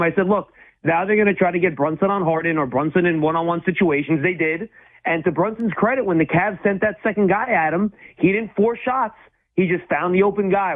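Fast-talking man on a tinny line. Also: high-pitched. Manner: fast, emphatic, with repeated restarts. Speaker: sports radio co-host. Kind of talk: casual sports talk.

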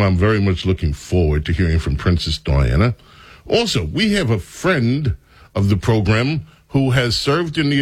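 A man hosting a talk radio show, talking in an animated, sardonic way. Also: fairly low pitch, no echo.

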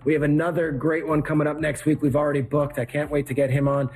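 A man with a somewhat high voice hosting a podcast. He is upbeat and jokey, rattling off shout-outs as he wraps up the show. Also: level tone, fast. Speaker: podcast host. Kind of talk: casual podcast sign-off.

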